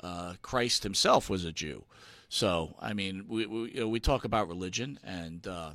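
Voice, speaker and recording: A man co-hosting a casual talk show, halting and full of restarts and fillers, emphatic and earnest when he presses a point. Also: low-pitched, fairly bright tone, no room sound. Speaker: podcast co-host. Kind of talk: casual conversational commentary.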